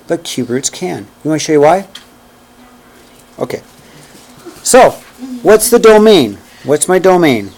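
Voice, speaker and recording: With a slightly high, somewhat mellow voice, a man teaches a math class. He walks through every step aloud, counting as he goes, and keeps asking "okay?" and "right?" in this classroom lecture.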